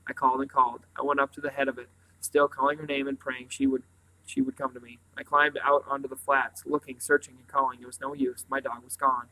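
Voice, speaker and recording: A man reading a novel aloud in a quiet, earnest way, stumbling now and then. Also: mid-range voice, flat delivery, fast talker, a little hiss or hum, poor audio. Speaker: reader.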